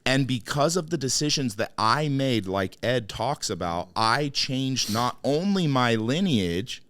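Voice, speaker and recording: A man's voice: mid-range voice, expressive, unhurried, fairly bright tone. A man hosting a podcast, talking in an earnest, impassioned way and often calling his guest "dude". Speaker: podcast host. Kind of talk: casual chat.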